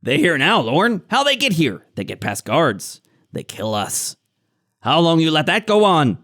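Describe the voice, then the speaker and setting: A scheming hobgoblin boss with a high, pushy voice and clumsy broken grammar, played by a man running a tabletop game. He sounds keen to strike a deal. The voice is pitched well above a plain man's talk. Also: wildly swooping pitch, a little slow, bright, forceful tone, heavily acted. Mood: scolding.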